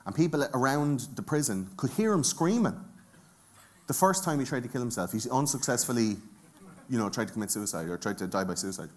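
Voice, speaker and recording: A man's voice: mid-range voice, expressive, a little fast. Profane, joking Irish man on stage. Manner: profane, jokey, bantering with audience. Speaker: conference speaker. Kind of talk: comedic live talk. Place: conference stage before audience.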